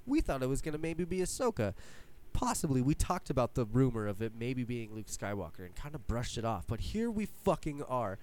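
Excitable man gushing in casual chat. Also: medium pitch, brisk, hardly any pauses. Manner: animated and swearing, acts out his own reactions.

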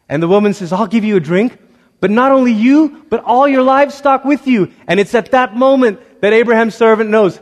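A man with a high voice preaches a sermon in a reverberant church hall. He tells the stories in a conversational way and acts out each quoted voice. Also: brisk. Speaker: pastor.

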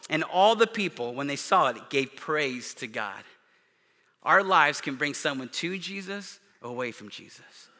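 Bright-voiced man preaching in a reverberant hall. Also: fairly high pitch, lively intonation, unhurried. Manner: earnest, with emphatic rises and hushed drops. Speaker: pastor. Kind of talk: sermon.

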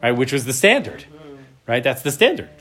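A man's voice: medium pitch, sing-song, brisk, fairly bright tone. A man in his thirties teaching a casual Torah class. He reads each verse in Hebrew, translates it, and keeps asking "right?". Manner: chatty, tags lines with "right?".

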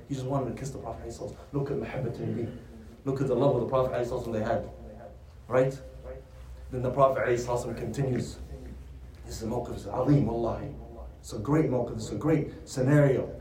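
A man's voice: medium pitch, fairly even intonation, racing, a crowd in the background. Male religious teacher, storytelling lecture style, poses and answers his own questions; echoey room, off-mic. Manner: asks rhetorical questions and answers them. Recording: roomy sound from a distant mic.

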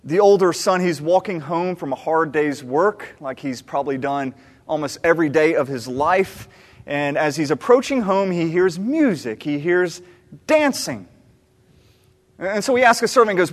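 High-voiced animated preacher in a reverberant hall. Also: male voice, moderate pace. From American South. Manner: animated, acts out the story's characters, repeats phrases for emphasis. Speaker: pastor. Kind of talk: sermon. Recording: long reverb of a large hall.

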